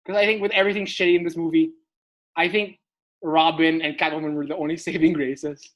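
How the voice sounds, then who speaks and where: A man's voice: fairly high pitch, little pitch movement, fairly quick, fairly bright tone, highs cut off. A man co-hosting a podcast in casual chat, rambling with stammered restarts and swearing for emphasis. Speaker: podcast co-host.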